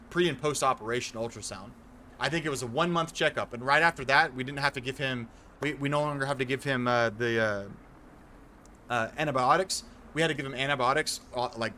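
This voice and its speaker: A man's voice: medium pitch, bright, forceful tone, slight background noise. Earnest young man chatting with viewers. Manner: earnest, rambling explanations with many restarts. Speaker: gaming streamer. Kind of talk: casual chat with stream viewers.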